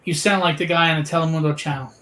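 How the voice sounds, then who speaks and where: A man hosting a casual online interview, talkative and friendly with quick asides. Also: a little high, steady tone, bright, forceful tone. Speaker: host. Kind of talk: casual video chat.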